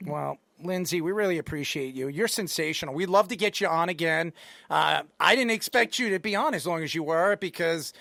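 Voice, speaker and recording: A man's voice: a little high, fairly quick, vocal fry, sharp tone, no echo. A man hosting a casual sports talk interview, teasing his co-host in playful banter. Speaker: show host.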